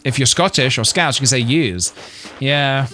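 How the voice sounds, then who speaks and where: A man's voice: mid-range voice, normal speed, sharp tone, soft background music. Chatty English man musing aloud. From England. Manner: musing and chatty, trails off and restarts, laughs to himself. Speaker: live streamer. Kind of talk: casual live-stream chat, reading posts aloud.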